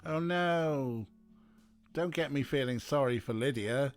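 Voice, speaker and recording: Slow, wry male streamer. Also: medium pitch, soft background music. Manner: wry, joking asides, clears throat often. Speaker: streamer playing a visual novel. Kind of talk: casual live-stream commentary.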